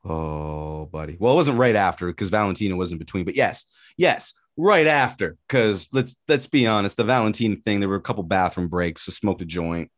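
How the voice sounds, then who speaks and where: A man's voice: deep voice, fairly quick, hardly any pauses, no echo, studio quality. A man co-hosting a casual sports talk show, ranting with energy and plenty of swearing. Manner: animated, profane ranting. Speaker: podcast co-host.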